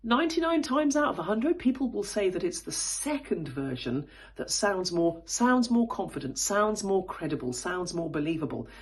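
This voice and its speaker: A woman coaching public speaking, who explains vocal technique in a thoughtful way and shows examples by moving her pitch from high to low. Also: very animated, moderate pace, slightly rough. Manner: thoughtful, with frequent fillers and restarts. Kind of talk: spoken voice lesson.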